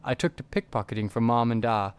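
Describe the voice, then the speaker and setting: A man's voice: mid-range voice, steady tone, fast, smooth, no echo, close to an everyday voice. A man reading aloud the lines of a young woman spy and former pickpocket in a game, in a lightly raised voice.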